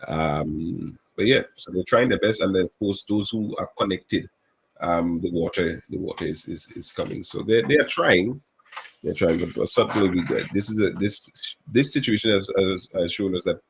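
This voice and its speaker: A man's voice: sits low, vocal fry, breathy edge, low-quality recording. A man, a government official speaking as a guest on a radio talk show, earnest and explaining at length with many restarts.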